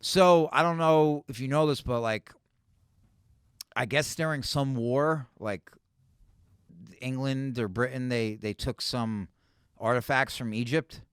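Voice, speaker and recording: A man from New City, a comedian telling animated, profane stories as a podcast guest. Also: mid-range voice, slow pace, pauses often, smooth, dry recording, studio quality. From New York City. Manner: animated, profane, full of "like" and "right?". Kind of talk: casual storytelling on a podcast.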